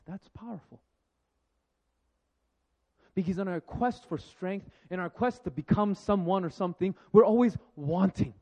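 A man preaching a sermon with jokes, moving between lively storytelling and hushed, slow reflection. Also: high voice. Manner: animated and joking, then hushed and reflective. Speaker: pastor. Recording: dull lo-fi sound.

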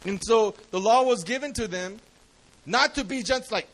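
A man's voice: high voice, moderate pace, a bit bright, low-quality recording. A man preaching a sermon in a casual, slangy way, often asking the congregation questions.

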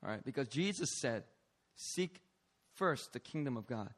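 A man preaching a lively, playful sermon, calling out to the congregation for responses. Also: mid-range voice, normal speed. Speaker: pastor.

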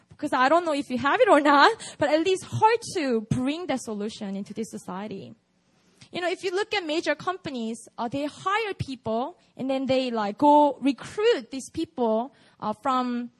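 A woman with a Korean accent preaching at a prayer meeting in a candid, conversational way, full of "like" and "you know". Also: high voice.

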